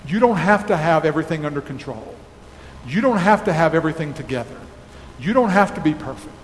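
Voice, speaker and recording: A man pastor giving a sermon in a church, preaching slowly and emphatically and closing in prayer. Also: a little high. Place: church sanctuary. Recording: echoey hall with faint noise.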